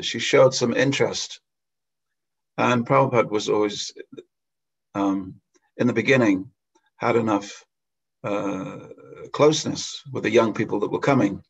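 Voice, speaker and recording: Gravelly male preacher telling stories. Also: on the low side, fairly even intonation, normal speed, pauses often. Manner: anecdotal, with frequent chuckles and hesitations. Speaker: lecturer giving a scripture class. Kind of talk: storytelling sermon. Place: temple hall. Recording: dull lo-fi lecture recording.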